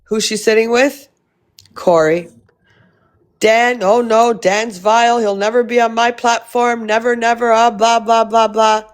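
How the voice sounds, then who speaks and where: A woman's voice: on the high side, fairly even intonation, a little slow. A woman live-streaming, chatting casually with her viewers and reading their comments, blunt and rambling, swearing freely.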